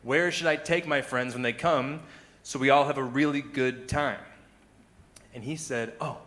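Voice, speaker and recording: A man's voice: mid-range voice, steady tone, measured pace, a bit bright. A man performing a stand-up comedy set, chatty and loose, chuckling at his own lines and putting on mock voices for the people he quotes. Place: live comedy venue with audience.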